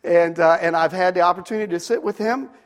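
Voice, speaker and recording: A man's voice: sits high, fast. A man preaching a sermon, earnest and emphatic, telling stories in between.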